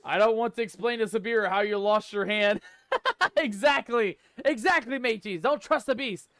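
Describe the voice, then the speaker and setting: A man streaming a game live, joking in mock pirate talk, reading the game's text aloud and shouting out in surprise. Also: high-pitched, clean tone, no echo. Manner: laughs often, exclaims loudly.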